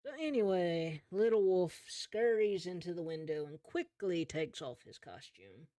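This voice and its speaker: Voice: medium pitch, lively intonation, measured pace, warm tone, no echo, clean studio sound. A game master narrating a tabletop game in an easygoing, second-person storytelling way.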